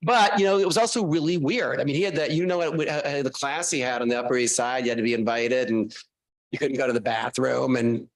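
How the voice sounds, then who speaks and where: A man, a guest author, telling animated, self-mocking stories casually to a class. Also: medium pitch, fairly quick.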